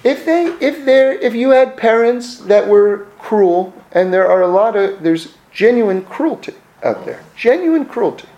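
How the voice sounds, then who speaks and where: A man speaks in an animated, conversational teaching voice, and his pitch swings widely up and down. He hammers key phrases by repeating them and slips into the voices of the people he quotes. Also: unhurried, few pauses, highs cut off. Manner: acts out quoted dialogue, repeats phrases for emphasis.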